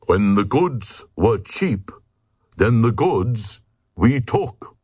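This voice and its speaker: A man's voice: lowish voice, sing-song, very slow, darkish tone, husky, no echo, studio quality, heavily acted. A man voicing a pompous old knight reading rules from a book in a storybook reading.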